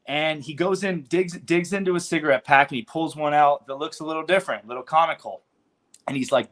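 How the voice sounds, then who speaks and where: A man's voice: medium pitch, brisk, a bit bright. A man in his forties from California, a podcast guest telling stories in a laid-back, slangy way with lots of filler words and casual swearing. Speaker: podcast guest, cannabis business founder. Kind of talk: casual storytelling interview.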